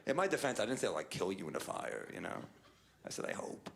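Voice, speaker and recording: Deep gravelly stand-up comic, deadpan. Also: male voice, fast, noisy background. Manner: deadpan, sardonic storytelling. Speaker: stand-up comedian. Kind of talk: stand-up routine.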